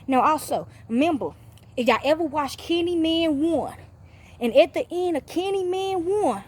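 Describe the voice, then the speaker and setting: A woman talking straight to her viewers in a rambling, profane monologue. She repeats herself, stops often to ask "okay?", and gets louder and higher when she is excited. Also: normal speed. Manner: profane, repetitive, often checks in with 'okay?'. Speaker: channel host.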